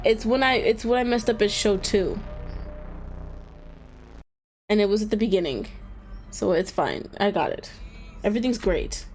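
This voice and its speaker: A woman's voice: mid-range voice, lively intonation, normal speed, pauses often, a little mellow, soft background music. A woman streaming a game, chatting to her viewers and reacting with frustration as she plays. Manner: frustrated, talks to chat, self-deprecating. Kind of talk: gameplay commentary.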